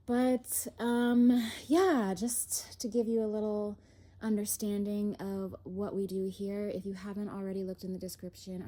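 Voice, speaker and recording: A young woman doing a casual spiritual chat as an oracle card reader, slightly out of breath, airy and unhurried, with soft laughs. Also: mid-range voice. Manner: slow, airy, lots of "if you will" and soft laughs. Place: home, indoors.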